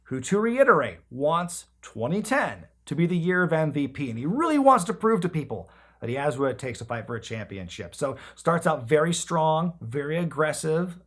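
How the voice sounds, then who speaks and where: A man hosts a wrestling recap show, talking in a casual, joking way and swearing freely. His voice sits a bit high and moves a lot as he acts out what people said. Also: moderate pace, slightly rough. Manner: animated, jokey, swears casually, acts out quotes. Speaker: podcast host recapping wrestling episodes.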